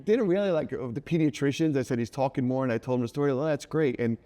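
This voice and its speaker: Middle-aged man, guest author, lively storyteller, mid-range voice. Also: mid-range voice, fast talker. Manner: animated, acts out quoted voices. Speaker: guest, children's book author. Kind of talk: casual storytelling interview.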